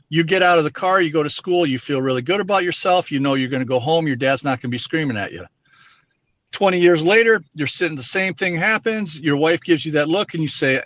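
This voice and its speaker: A man's voice: on the high side, animated, a little fast, fairly bright tone. A man being interviewed, talking earnestly and explaining his points through everyday examples. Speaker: interview guest. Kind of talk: candid personal interview talk. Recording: dull dry lo-fi sound.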